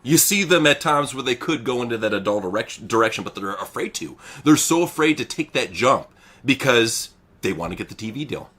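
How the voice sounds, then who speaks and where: A man's voice: mid-range voice, fairly quick, slightly rough. A man co-hosting a live wrestling reaction, ranting casually and swearing often. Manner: animated, profane, ranting. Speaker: co-host.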